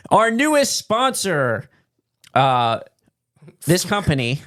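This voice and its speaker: A man's voice: sits high, very animated, slow pace, fairly bright tone, a little hiss or hum. A man co-hosting a podcast, chatting casually and riffing through a sponsor read with loose fillers. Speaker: podcast co-host.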